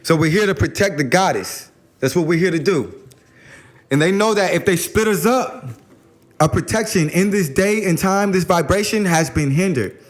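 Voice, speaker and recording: Rambling man with a slangy, high voice. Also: normal speed. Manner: rambling, slangy, repeats words when starting. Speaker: spiritual guest speaker. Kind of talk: casual spiritual talk.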